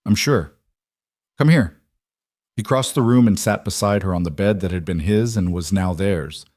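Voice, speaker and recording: This is a man calmly and gently reading a scripted story, his voice pitched low. It was recorded close and dry, with no room sound and no echo.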